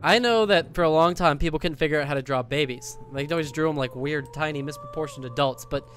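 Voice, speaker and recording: A man's voice: a little high, fast talker, a bit bright, a little hiss or hum. A young man giving casual let's-play commentary on a horror game, profane, jokey and mock-tough. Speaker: gaming video host. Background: faint game piano music.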